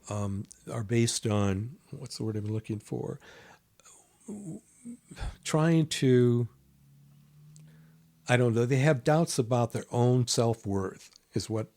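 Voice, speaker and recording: A man telling a long personal story in casual conversation, acting out what others said and dropping to near whispers for asides. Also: medium pitch. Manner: animated storyteller, acts out quoted voices. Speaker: guest.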